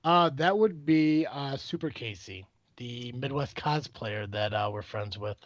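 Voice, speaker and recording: A man's voice: medium pitch, lively intonation, measured pace, no room sound. A man from Illinois hosting a casual podcast, rambling and joking with lots of swearing. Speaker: podcast host. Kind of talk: casual chat. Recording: dull, dry, lo-fi sound.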